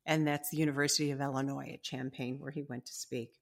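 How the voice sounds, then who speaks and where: A woman, an author and podcast host, gently explaining ideas and reading aloud from her own book in a deliberate, teacherly way. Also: very deep voice, level tone, vocal fry.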